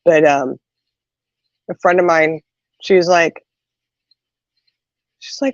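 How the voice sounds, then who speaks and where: Deep-voiced and slow, pausing often, a middle-aged woman hosts a casual chat where she animatedly retells everyday tales full of asides. The recording is dry, with a dull, somewhat muffled sound.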